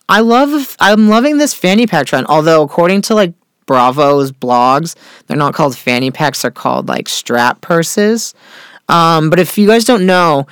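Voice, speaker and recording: A man hosting a casual pop-culture chat, gossiping with sarcasm, swearing freely and filling pauses with "uh". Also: on the high side, a bit bright, clean tone, no room sound, studio quality. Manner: chatty, gossipy, swears freely, many fillers; sarcastic, repeats catchphrase. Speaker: podcast host.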